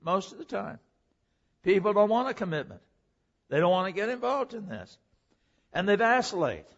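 Animated preacher man, lo-fi sound. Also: sits high, brisk. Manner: animated preaching, reads scripture aloud. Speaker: pastor. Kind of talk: sermon.

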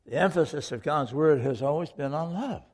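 A man's voice: fairly high pitch, moderate pace, a little mellow, in a large hall. A man preaching a sermon to a congregation, earnest and questioning, repeating key lines for emphasis. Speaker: pastor.

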